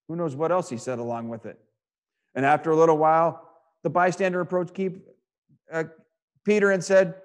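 A male preacher giving a sermon, reading scripture aloud and expounding it with rhetorical questions and repeated phrases, swinging between loud and hushed delivery. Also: fairly high pitch, fairly quick, pauses often.

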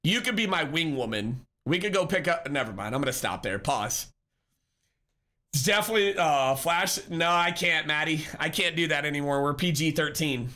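A man's voice: a little high, lively intonation, normal speed, sharp tone. A man live-streaming, chatting casually and upbeat with his viewers, greeting and answering them by name.

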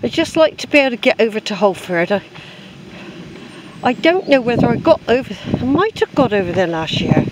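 A high-voiced man rambles cheerfully to his viewers as he walks a hillside path. He calls them folks and drifts from one thought to the next. Faint outdoor noise sits behind the camera mic. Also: big pitch swings, fairly quick. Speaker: hiker filming his walk. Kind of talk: casual walking vlog.

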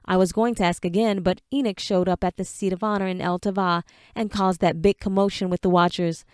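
A woman's voice: mid-range voice, steady tone, brisk, darkish tone, clear, resonant tone, no echo, clean studio sound, close to an everyday voice. A woman voicing an earnest young man who pleads with his father and fights back tears, read for an audiobook. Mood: earnest, worried. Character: earnest young adult son, proud and grieving.

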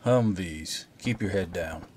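A man voicing a male soldier commander who gives clipped, low orders. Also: measured pace, darkish tone. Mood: hushed.

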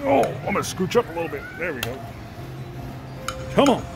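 A slot machine vlogger giving excited live commentary on a casino floor, pleading with the machine over and over. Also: medium pitch, normal speed, vocal fry, heavy background noise. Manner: excitable, pleads with the machine, repeats "come on" and "one more". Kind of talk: excited live commentary while playing slots. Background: jingling slot machine music.

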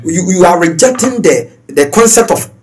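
A man's voice: sits high, lively intonation, moderate pace, a little mellow, slight background noise. A man with a Ghanaian accent, a self-styled prophet, answering interview questions with emphatic, preacher-like repetition. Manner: emphatic, repeats phrases like a preacher. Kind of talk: animated interview in mixed Twi and English.

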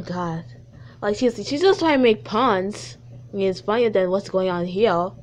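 A woman's voice: mid-range voice, normal speed, a little hiss or hum. A woman reading a fan story aloud, stumbling over the text and breaking off for sarcastic asides. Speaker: story reader.

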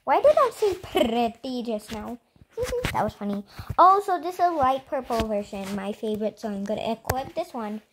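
A young girl hosting her own gaming channel, chatting excitedly and giggling to viewers as she plays. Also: fairly high pitch, normal speed, noisy background. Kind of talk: casual gameplay commentary.

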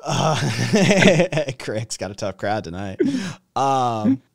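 A man's voice: medium pitch, very animated, extremely slow, vocal fry, no echo, clean studio sound. A man co-hosting a casual livestream chat, sarcastic and profane, reading chat messages aloud. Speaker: co-host.

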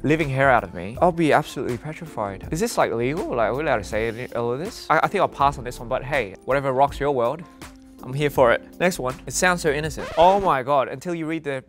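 A man's voice: mid-range voice, animated, fast talker, faint music behind. A young man from Australia casually reading fan tweets aloud, playful and self-deprecating, often breaking into laughter.

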